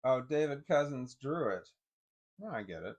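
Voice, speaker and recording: A man on a live stream, thinking aloud in a halting way, often repeating words as he works through what he sees. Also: medium pitch, big pitch swings.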